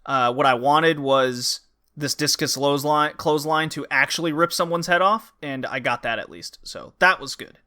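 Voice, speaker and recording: Bright-voiced man recapping wrestling. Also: on the high side, moderate pace. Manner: animated, acts out wrestlers' lines in put-on voices. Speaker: podcast host. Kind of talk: casual wrestling recap chat.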